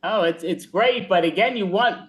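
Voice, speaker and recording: A man's voice: high-pitched, normal speed, fairly bright tone. A man hosting an online improv show, friendly and a bit rambling, on a video call. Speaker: host. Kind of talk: casual online show chat.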